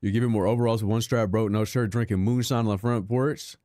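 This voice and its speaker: A man's voice: fairly low pitch, fairly even intonation, fast talker, mellow, no room sound, studio quality. A young man streaming a racing game, chatting with his viewers in a sarcastic, self-deprecating, rambling way. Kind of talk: casual live-stream chat while gaming.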